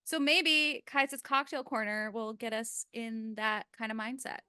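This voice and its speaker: A woman's voice: fairly high pitch, fairly even intonation, measured pace, music in the background. A woman co-hosting a podcast in casual, playful chat who laughs often. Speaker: podcast co-host.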